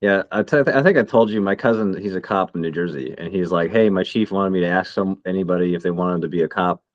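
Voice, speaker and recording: A man's voice: low voice, fast, no room sound, highs cut off. A man in his thirties co-hosting a casual podcast chat, heated and swearing a lot. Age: 30s. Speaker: podcast co-host.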